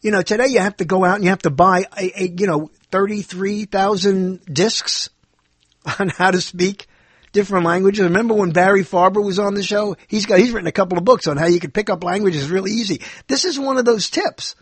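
A man's voice: high-pitched, fairly quick, husky, no room sound. A middle-aged man hosting a podcast, rambling through a solo monologue, correcting himself and chuckling as he goes. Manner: digressive, self-correcting, chuckles often. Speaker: podcast host.

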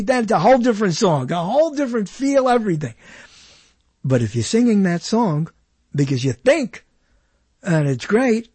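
Podcast host, male, husky voice, lively delivery, dry close sound. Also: high-pitched, normal speed, long pauses, dry recording. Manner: animated, explains while humming along. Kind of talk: casual talk about songs.

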